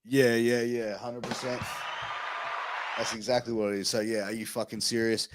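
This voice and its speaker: A man's voice: mid-range voice, level tone, normal speed, background noise. A man with an Australian accent hosting a podcast, laid-back and casual, swearing freely as he chats. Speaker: podcast host. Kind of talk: casual interview chat.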